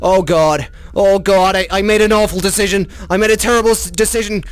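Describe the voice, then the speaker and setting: A gaming YouTuber playing a VR horror game, chatty and swearing, who talks to the monsters in a mock bro voice and shrieks when scared. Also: male voice, high-pitched, fairly even intonation, brisk. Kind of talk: comedic VR horror let's play.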